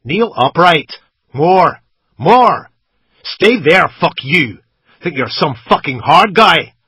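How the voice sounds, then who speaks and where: A man's voice: a little high, lively intonation, slow, pushed and bright, slightly rough, no echo, pitched above the performer's own voice, full character voice. A man voicing a drunk, violent male gunman who is out of control, screaming and ranting threats. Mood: threatening. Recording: muffled lo-fi recording.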